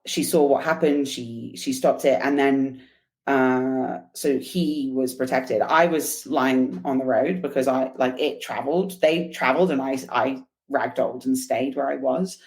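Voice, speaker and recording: A woman guest on a podcast, telling a personal story in an animated, chatty way with laughs and fillers. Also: rumbling low, measured pace. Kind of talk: casual storytelling interview.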